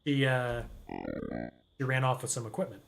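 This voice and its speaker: A man voicing a gruff, folksy office worker on a phone call, drawling and calling the caller girl. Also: medium pitch, fairly even intonation, normal speed, fairly bright tone, close to an everyday voice.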